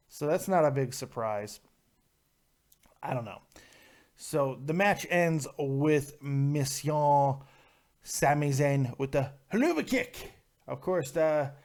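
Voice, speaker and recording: A man with a fairly high voice hosts a live call-in review. He talks in a brash, profane, mocking way, firing back at chat comments in casual rants. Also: a little mellow. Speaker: show host reviewing wrestling.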